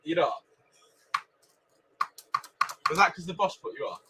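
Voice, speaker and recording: A man's voice: fairly high pitch, measured pace, very noisy. A man with a jokey, teasing manner, hosting a casual chat in his workshop. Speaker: garage owner and show host.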